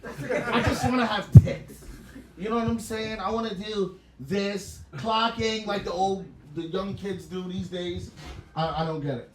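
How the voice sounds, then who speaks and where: A man doing a stand-up set in a small club, telling stories with loud laughter and a lot of swearing. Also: high-pitched, measured pace, background noise. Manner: loud, laughing, profane storytelling. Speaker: stand-up comic. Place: small comedy venue. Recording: echoey small venue with laughing crowd.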